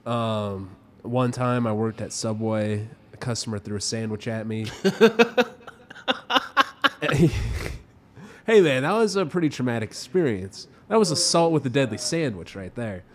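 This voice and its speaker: A young adult man, a podcast co-host, telling a story in casual chat with lively delivery and free swearing. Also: mid-range voice, moderate pace, few pauses. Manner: animated storytelling, swears freely.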